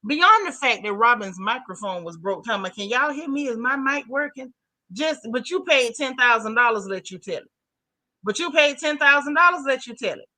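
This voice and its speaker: A woman hosts her own channel, gossiping casually and exclaiming in disbelief. Her voice sits fairly high and comes across bright and forceful. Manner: sassy, animated, exclaiming. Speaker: YouTube commentator.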